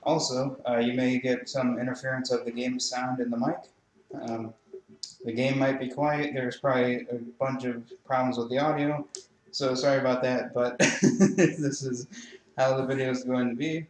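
A man's voice: medium pitch, little pitch movement, moderate pace. A man hosting a casual let's-play, chatty and laughing often, recorded indoors on a webcam microphone. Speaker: gaming channel host. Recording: roomy webcam mic audio.

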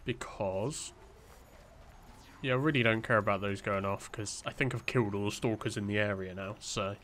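A man's voice: lowish voice, moderate pace, a bit bright, a little hiss or hum. A young man giving casual let's-play commentary, rambling and joking at himself with plenty of fillers. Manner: rambling, self-deprecating, lots of fillers. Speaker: gameplay commentator.

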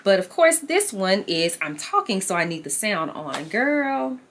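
Chatty woman vlogger, lively pitch. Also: a little slow, noisy background. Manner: chatty, addresses viewers as y'all and girl; talks herself through frustration. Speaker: lifestyle vlogger. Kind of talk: casual chat to camera.

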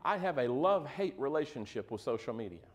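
A man's voice: medium pitch, very animated, fairly quick, husky. A male pastor preaching a sermon in a conversational way, with joking asides and frequent questions to the congregation.

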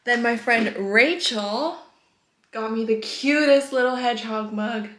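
A woman in her twenties chatting casually in a vlog, gushing and soft-spoken, sometimes dropping to a whisper. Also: fairly high pitch, measured pace. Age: 20s. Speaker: vlogger. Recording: echoey room with faint noise.

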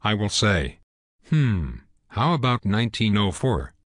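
A man's voice: fairly low pitch, sing-song, unhurried, noisy background. A man co-hosting a comedic sports show with a dry, mock-serious delivery. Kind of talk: jokey scripted banter.

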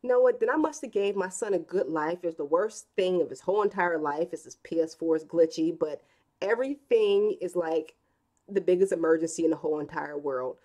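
A woman's voice: fairly low pitch, fairly quick, warm tone. A woman in her thirties hosting a live stream in a casual, chatty way, reading comments and telling stories with acted quotes. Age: 30s.

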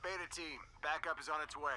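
An actor playing a male soldier in a video game who gives steady, soothing orders. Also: fairly high pitch, brisk, noisy background, lightly acted. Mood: tense. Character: calm male soldier reassuring a survivor.

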